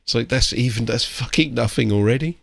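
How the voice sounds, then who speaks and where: A man's voice: mid-range voice, fairly quick, vocal fry, fairly bright tone, slight background noise. A British man who paints miniatures chats casually on a live stream, ranting and swearing, with "like" and "mate" in every sentence.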